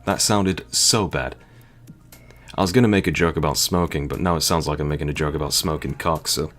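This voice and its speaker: Deep-voiced guy, joking game commentary. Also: a little fast, a bit bright, soft background music. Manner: joking, crude and rambling. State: dry, sore throat. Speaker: game streamer. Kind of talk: casual let's-play commentary.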